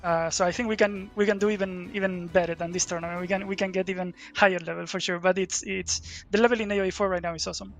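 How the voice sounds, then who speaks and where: A man's voice: high-pitched, level tone, quick pace, few pauses, faint music behind. A young man, a pro player chatting playfully in a post-match interview, laughing and trash-talking. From Spain. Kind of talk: relaxed post-match chat.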